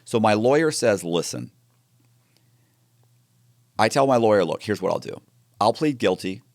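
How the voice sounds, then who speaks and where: A man telling his story in an interview, animated and acting out the dialogue with frequent restarts. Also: fairly low pitch, moderate pace, vocal fry, dry recording, clean studio sound. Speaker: interview guest.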